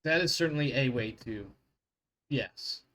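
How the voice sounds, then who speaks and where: A man's voice: medium pitch, unhurried, fairly bright tone. A man narrating as game master of a tabletop game, rambling with fillers and self-corrections.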